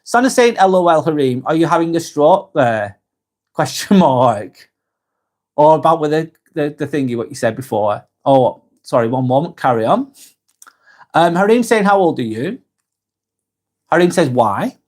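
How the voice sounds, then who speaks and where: A man in his forties with a Lancashire accent, talking on a live stream in a voice a touch higher than most men's. He reads viewer comments aloud in a casual, friendly way and often stops to restart or correct himself. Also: expressive, normal speed, darkish tone. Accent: Lancashire English. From England. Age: 40s. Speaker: live vlog host.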